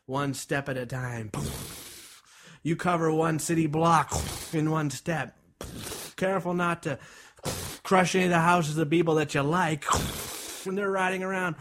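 A man leading a guided visualization, narrating vividly and dramatically, sometimes dropping to a hushed whisper. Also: on the high side, steady tone, moderate pace.

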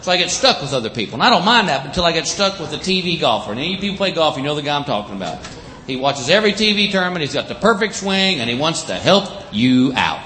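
A man's voice: a little high, slight background noise. A man doing a stand-up comedy set, telling stories and acting out the other people's voices. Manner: animated storytelling with acted-out voices.

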